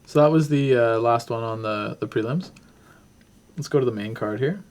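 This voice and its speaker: A man's voice: mid-range voice, normal speed, darkish tone, a little hiss or hum. A man hosting a casual talk show, rambling through a fight breakdown while thinking aloud with many fillers. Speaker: podcast host.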